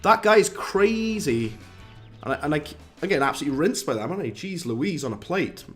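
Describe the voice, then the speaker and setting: A man's voice: a little high, lively intonation, very fast. A man giving casual, rambling commentary on a live game stream, chatting with viewers and reading out their messages. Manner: chatty, rambling, reads chat aloud, British slang. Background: game music.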